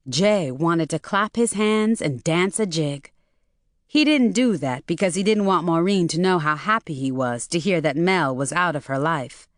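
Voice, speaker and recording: A woman reading an audiobook as narrator, in an even, measured storytelling manner. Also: fairly low pitch, no room sound, clean studio sound. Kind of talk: scripted narration.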